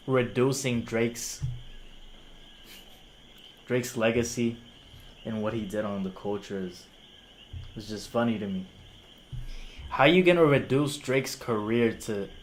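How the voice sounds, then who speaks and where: On a live stream, a young man who first learned Spanish critiques music and spars with a critic, using casual slang in an incredulous, argumentative way. His voice is fairly low, he takes it slowly with long pauses, and there's slight background noise.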